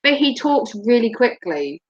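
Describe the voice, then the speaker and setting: A mother from Norfolk, vlogging with a slight Norfolk accent, keeps a measured pace while her slightly high voice swings widely in pitch. She laughs and swears freely through the casual chat, captured on a dull lo-fi home recording.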